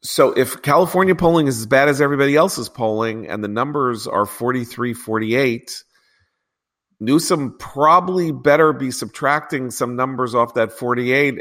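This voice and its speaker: A man hosting a political podcast, talking in a rambling, animated way that keeps breaking off and restarting. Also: medium pitch, moderate pace. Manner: rambling, animated, self-interrupting. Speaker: podcast host. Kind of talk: political discussion.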